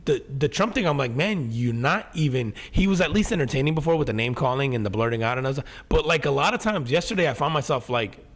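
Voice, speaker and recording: A man's voice: mid-range voice, quick pace, few pauses. A man co-hosting a podcast, talking casually and profanely, acting out quotes as he goes. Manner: animated, profane, acts out quotes. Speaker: podcast co-host. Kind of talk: casual chat.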